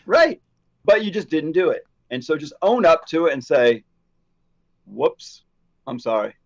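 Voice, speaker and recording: A man co-hosting a casual podcast chat, telling stories and acting out the quoted dialogue with lively energy. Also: on the high side, moderate pace, dull audio. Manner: animated storyteller, acts out quoted dialogue. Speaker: podcast co-host.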